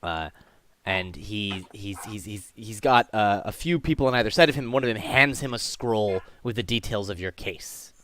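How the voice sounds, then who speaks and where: A man's voice: fairly low pitch, normal speed, a bit bright. A man running a tabletop game as game master, describing scenes in a rambling way with many fillers and restarts.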